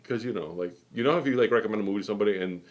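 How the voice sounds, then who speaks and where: A low-voiced middle-aged man from New England rambles his way through a casual live show. He chats loosely and keeps drifting off into stories. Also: racing. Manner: rambling, chatty storytelling. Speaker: host. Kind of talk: casual chat.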